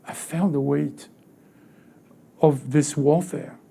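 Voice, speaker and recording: Gravelly high-voiced male pastor preaching. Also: steady tone. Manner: halting, repeats words, swings from quiet to loud. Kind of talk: sermon.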